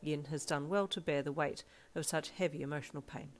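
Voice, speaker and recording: A woman's voice: deep voice, a little fast, lightly acted. A woman voicing a formal, polite young male student who talks in a stiff, earnest way, as she reads a fan fiction aloud. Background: faint backing music.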